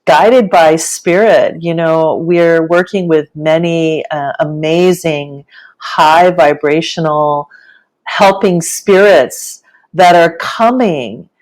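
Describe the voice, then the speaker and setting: A woman co-hosting a casual live-streamed chat, speaking in a relaxed way with many fillers and welcoming viewers. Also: low-pitched, slow pace, rough recording. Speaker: co-host, ceremony facilitator.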